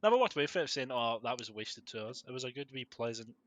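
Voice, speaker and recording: A young man, co-hosting a podcast, excitable and swearing freely in casual chat. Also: mid-range voice, fast talker, no room sound. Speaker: podcast co-host.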